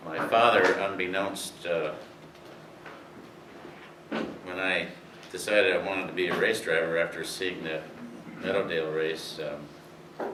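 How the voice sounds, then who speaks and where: A man's voice: low-pitched, steady tone, slow. An older man telling rambling racing anecdotes to an audience, with many fillers. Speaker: speaker telling racing history. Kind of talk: storytelling talk to an audience. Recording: roomy, distant, faint hiss.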